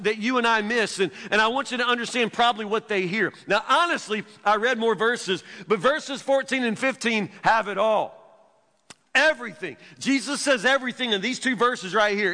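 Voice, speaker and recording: A male pastor preaching a sermon in a folksy way, repeating words and dropping to a low hush for scripture. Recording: long reverb of a church hall.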